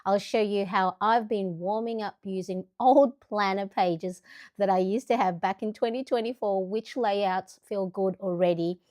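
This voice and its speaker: A woman's voice: medium pitch, a little mellow. A middle-aged woman hosting a casual live stream, chatting and greeting viewers by name. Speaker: planner channel host.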